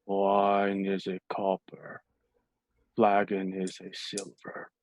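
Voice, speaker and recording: A bleary, slow-witted tavern keeper, portly and balding, as a man puts him on in a tabletop game. He drones in a low, hushed monotone, each word dragging. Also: no echo. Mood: dull, bleary.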